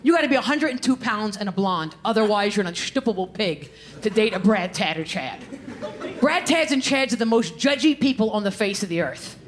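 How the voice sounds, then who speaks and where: A woman performing a stand-up set, animated and acting out characters in quick quoted voices. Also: medium pitch. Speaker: stand-up comedian.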